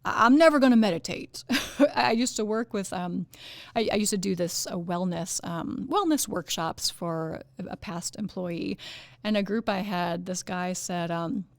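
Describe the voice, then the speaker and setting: Gravelly-voiced woman hosting a wellness podcast. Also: fairly low pitch, unhurried, dry recording. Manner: chatty and animated, fillers and laughs, puts on goofy voices for quotes. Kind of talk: casual motivational talk.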